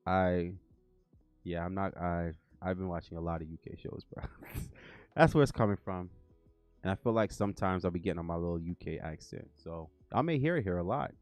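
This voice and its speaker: American man, livestream host, low clean voice, rambling slangy chat, dry close mic, faint music. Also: a little fast, darkish tone, no echo. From United States. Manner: rambling, loose, slangy, with fillers and repeats.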